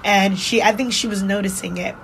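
A woman's voice: mid-range voice, steady tone, fairly quick, gravelly, low-quality recording. Woman guest on a podcast, raw and emotional, swears a bit, faint noise under it. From New Jersey. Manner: candid, emotional, casual swearing. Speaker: guest, writer and poet. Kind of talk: emotional personal storytelling.

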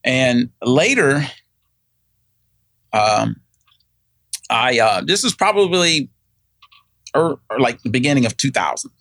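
A man's voice: mid-range voice, expressive, slow pace, pauses often, fairly bright tone, no echo. A middle-aged man, telling a personal story in casual chat, rambling with many fillers and acting out what people said. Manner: rambling, many fillers and restarts, acts out quoted voices. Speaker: guest telling his story.

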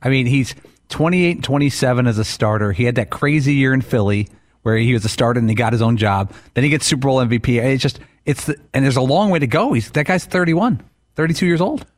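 A man's voice: mid-range voice, fast. A man, a regular on a sports talk show, giving his emphatic take.

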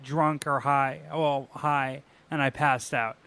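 A man co-hosting a casual podcast chat, relaxed, reacting with short questions. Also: mid-range voice, takes it slowly, clear, resonant tone. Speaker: podcast co-host.

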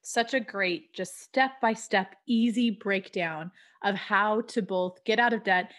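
Speaking a little slowly at a medium pitch, this woman hosts a relaxed podcast interview. A light Spanish influence shapes her English, and her manner is warm and effusive, full of enthusiastic praise.

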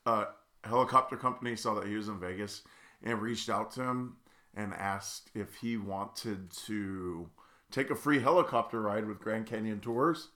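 A man's voice: fairly low pitch, moderate pace, bright, forceful tone. A young man co-hosting a podcast, telling a rambling story full of fillers, tired with stuffy sinuses. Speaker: podcast co-host. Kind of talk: casual chat.

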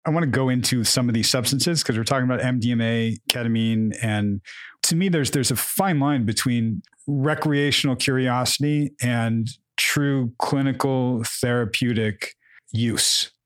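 A man's voice: medium pitch, normal speed, no room sound. A man hosting a podcast, guiding the talk with loosely phrased questions. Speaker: podcast host. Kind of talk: casual podcast conversation.

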